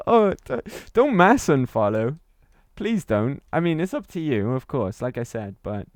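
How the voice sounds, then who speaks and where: A man's voice: fairly high pitch, big pitch swings, normal speed, no room sound, studio quality. A man from Wales, chatting and laughing through a gaming livestream while reading his chat. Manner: chatty, laughs often, reads chat aloud. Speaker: streamer.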